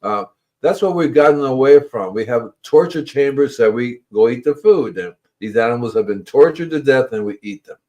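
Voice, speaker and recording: A man's voice: expressive, moderate pace, warm tone. A man hosting a gardening livestream, talking casually in a rambling way and repeating his words. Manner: rambling, repeats words, acts out animals in squeaky voices. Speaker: gardening show host.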